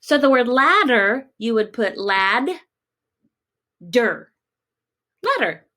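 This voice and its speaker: A woman teaching a recorded phonics lesson for children, gentle and encouraging, asking questions and pausing. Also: high-pitched, sing-song.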